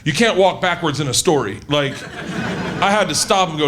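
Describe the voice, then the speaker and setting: Brash, animated stand-up storyteller man. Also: on the high side, brisk, noisy background. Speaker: stand-up comedian.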